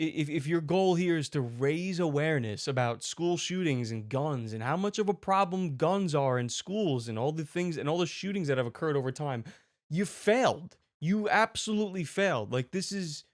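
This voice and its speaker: A man's voice: fairly high pitch, animated, normal speed, no room sound, studio quality. A man hosting a ranting commentary show, talking in an exasperated, profane and sarcastic way. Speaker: host.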